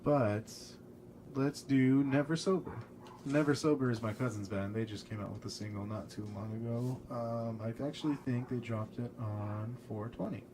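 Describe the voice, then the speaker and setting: A man's voice: medium pitch, fairly even intonation, normal speed, background noise. A man hosting a podcast in a laid-back casual chat, laughing often. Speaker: podcast host.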